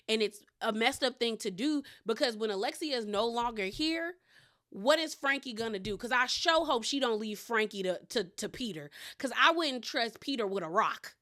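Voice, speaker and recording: A young woman with a fairly high voice recaps a reality show in a loose, chatty way. She gives her opinions freely and acts out other people's lines as she tells the story. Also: lively intonation, moderate pace, fairly bright tone. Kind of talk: casual recap commentary.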